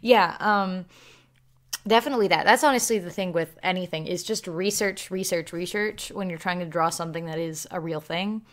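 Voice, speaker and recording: A woman's voice: on the low side, moderate pace. A woman with a Southern American accent casually answering viewer questions in a rambling, chatty way, laughing between thoughts. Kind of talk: casual Q&A chat.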